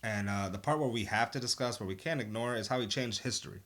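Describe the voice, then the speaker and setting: A man's voice: mid-range voice, fast, fairly bright tone. A man co-hosting a casual film review podcast, talking enthusiastically with lots of ums and uhs. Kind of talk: casual chat.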